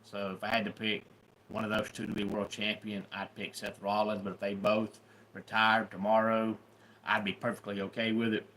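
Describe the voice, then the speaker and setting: A man's voice: lowish voice, completely flat delivery, moderate pace, fairly bright tone, slight background noise. A middle-aged man with a Southern drawl, hosting a casual livestream, giving blunt opinions and greeting viewers by name. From Deep South of the US. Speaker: YouTube host.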